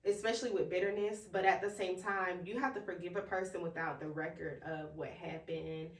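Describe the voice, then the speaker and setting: A woman's voice: on the low side, fairly even intonation, fairly quick. A woman co-hosting a podcast in casual, emphatic, slangy chat. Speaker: podcast co-host. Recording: roomy, distant from mic.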